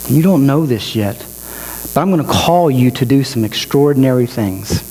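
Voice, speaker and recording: A male pastor voicing God as a patient, gentle figure who speaks reassuringly in a sermon. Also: medium pitch, expressive, normal speed, close to an everyday voice. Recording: reverberant hall with mains hum.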